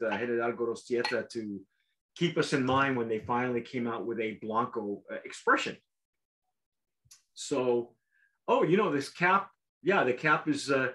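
A man hosting a casual tasting show, talking in a rambling, halting way with lots of restarts. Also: medium pitch, fairly bright tone. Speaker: show host.

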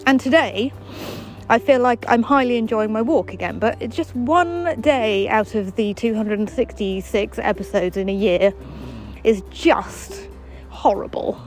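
A woman's voice: a little high, measured pace, faint music behind, poor audio. Wry woman chatting on a walk. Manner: wry, self-deprecating, chatty with frequent restarts. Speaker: podcast host. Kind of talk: casual chatty monologue while walking. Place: outdoors on a footpath.

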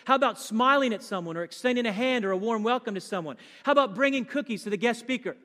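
His voice is extremely high, sharp and animated, moving fast in a big room. He's a guest speaker preaching a sermon, joking with the congregation and quizzing them as he goes.

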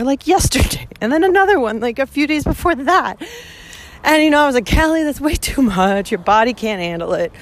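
A young woman in a casual walking vlog, talking candidly and emotionally, swearing often, recorded outdoors on a phone. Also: fairly high pitch. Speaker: vlogger. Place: outdoors walking to a train station.

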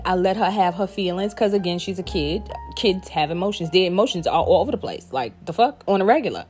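A woman's voice: medium pitch, darkish tone. Woman, candid mother's talk, emphatic, profane, faint music behind. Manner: frank and profane, emphatic repetition. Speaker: parent talking to viewers. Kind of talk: candid personal talk to camera.

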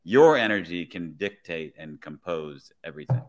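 A man, a police officer guest on a podcast, telling his story in a relaxed way with quoted dialogue. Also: sits low, normal speed.

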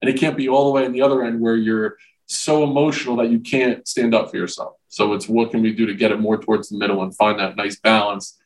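A man's voice: fairly low pitch, steady tone, fast, low-quality recording. Frank, earnest man speaking casually. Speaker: podcast guest, men's mentor. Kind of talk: candid conversational interview.

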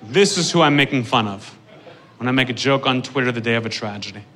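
A man doing a stand-up comedy set on stage, profane and building to shouted rants. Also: mid-range voice, fast, slight background noise. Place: comedy club stage with a live audience.

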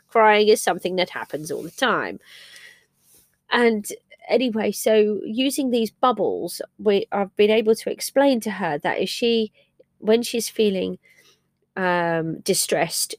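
Woman, middle-aged, podcast monologue, candid, emotional, low-pitched, dry close sound. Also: animated, moderate pace, no echo. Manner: candid, emotional, reflective storytelling. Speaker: podcast host and parent.

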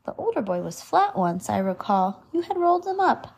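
A woman's voice: fairly high pitch, very animated, normal speed, vocal fry, a little mellow, slight background noise. A woman reading aloud and giving light voice to a jovial, chatty man with a long memory. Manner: jovial, rambling. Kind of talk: storybook read-aloud.

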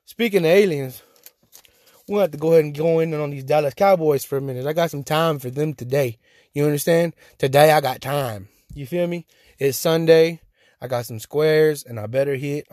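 Animated man ranting on his podcast. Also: on the high side, dry recording, studio quality. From Texas. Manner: animated, ranting, repeats "you hear me?". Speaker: podcast host. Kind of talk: casual solo podcast rant.

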